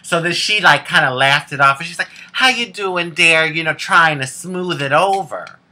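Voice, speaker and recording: Sassy woman with a sharp voice. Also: low-pitched, normal speed. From United States. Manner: sassy, candid, laughs often. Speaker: vlogger. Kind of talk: casual storytelling to camera.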